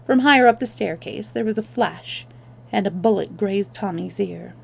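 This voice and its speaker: Woman reading a book out loud on stream, expressive, fixes small slips. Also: mid-range voice, normal speed, creaky, slightly rough. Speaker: storyteller. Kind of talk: reading a novel aloud on a livestream.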